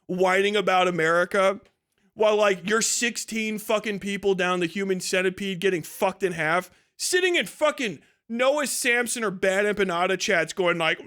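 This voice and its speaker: A man's voice: high-pitched, animated, normal speed, bright, forceful tone, clean tone. A man hosting a livestream, delivering a profane and mocking rant, full of swearing and scornful laughter. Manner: mocking, aggressive, swearing constantly. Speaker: livestream host.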